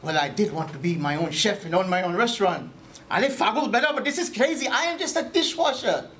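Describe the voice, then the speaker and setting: A man voicing an earnest immigrant dishwasher who tells his story in broken English, sometimes bursting out higher and louder. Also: lively intonation, brisk, a little hiss or hum. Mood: storytelling.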